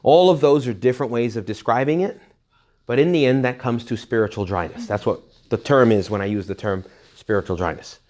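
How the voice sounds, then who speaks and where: A man's voice: mid-range voice, brisk, a little mellow. A man giving a retreat talk to young adults, speaking conversationally, joking and often checking in with his listeners. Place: retreat hall.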